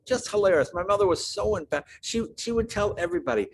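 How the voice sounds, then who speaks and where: Older man telling lively stories. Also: high-pitched, fast talker, creaky, slight background noise. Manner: acts out family members in raised, shouting voices. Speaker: guest. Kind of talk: animated storytelling.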